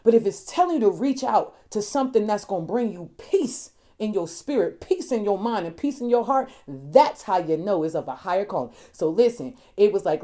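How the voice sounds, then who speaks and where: A woman life coach giving a motivational talk, preachy and repetitive, moving from hushed storytelling to loud exhortation. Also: medium pitch, lively intonation, normal speed, few pauses. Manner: preachy, emphatic and repetitive, addresses listeners as y'all. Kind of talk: motivational self-help talk.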